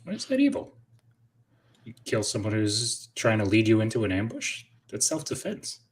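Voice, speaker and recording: A man's voice: fairly low pitch, huge pitch swings, normal speed. A man co-hosting a podcast, arguing points in a sardonic, provocative way. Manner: sardonic, argumentative. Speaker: podcast co-host. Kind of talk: casual podcast chat.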